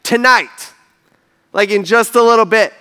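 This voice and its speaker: A man voicing a calm male teacher who speaks bluntly in casual slang. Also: high-pitched, measured pace, clean tone.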